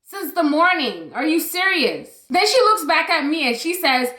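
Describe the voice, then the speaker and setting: A young woman vlogger telling a storytime story in an animated, blunt way, swearing freely. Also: high voice, normal speed, hardly any pauses, reverberant. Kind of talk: storytime vlog.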